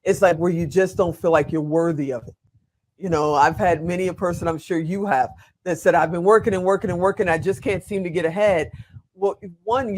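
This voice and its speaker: A woman's voice: medium pitch, a little mellow. An older woman hosting an interview show, gushing over her guest and speaking frankly about herself. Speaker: host. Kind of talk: enthusiastic interview host chat.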